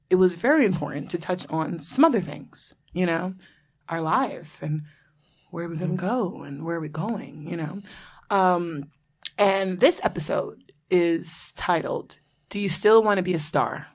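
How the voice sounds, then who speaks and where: A woman's voice: fairly low pitch, a little slow. A woman in her thirties from Florida, hosting a casual podcast chat, bubbly and laughing often, swearing freely. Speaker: podcast host.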